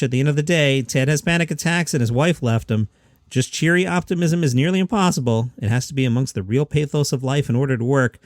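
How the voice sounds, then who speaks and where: A man hosting a comedy news podcast, talking in a quick, chatty, self-mocking way. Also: fairly high pitch, no echo, studio quality. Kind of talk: casual comedy news commentary.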